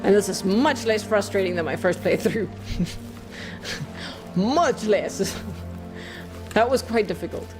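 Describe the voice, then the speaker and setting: A woman's voice: mid-range voice, takes it slowly, pauses often, music in the background. A woman streaming a game, chatting away casually, playful, laughing often and swearing freely. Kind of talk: casual live-stream chat while playing.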